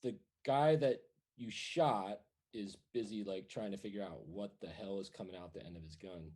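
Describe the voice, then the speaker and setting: A man's voice: low voice, moderate pace, darkish tone. A man running a live tabletop game as game master, narrating scenes in a laid-back way and laughing often.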